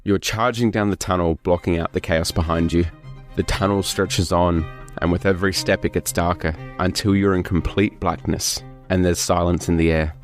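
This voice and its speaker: A man's voice: deep voice, fairly even intonation, moderate pace, soft background music. A man narrating a scene as game master in a tabletop game.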